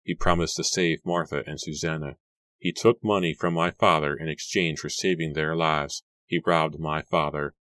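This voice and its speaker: A man's voice: rumbling low, fairly even intonation, moderate pace, a bit bright, no room sound. A man reading aloud and voicing an earnest young man, speaking with grave intensity. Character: earnest young man seeking to end a feud.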